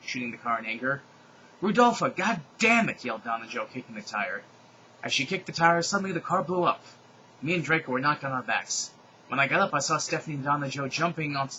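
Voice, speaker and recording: A young man doing a comedic dramatic reading of a fan story, with animated delivery, shouted dialogue and mocking asides. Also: mid-range voice, slight background noise, low-quality recording.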